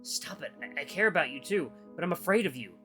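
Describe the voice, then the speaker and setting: A man's voice: a little high, expressive, fast, faint music behind. A man voicing a timid, frightened young wolf. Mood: scared, pleading. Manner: quiet, pleading, hesitant.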